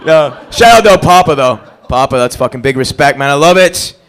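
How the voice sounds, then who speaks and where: Stand-up host, man, crude crowd-work, pitch jumping all over on a stage mic. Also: expressive, fairly quick, a bit bright. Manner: crude, profane, crowd-working banter. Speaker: open mic host comedian. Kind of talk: stand-up comedy hosting. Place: comedy club stage.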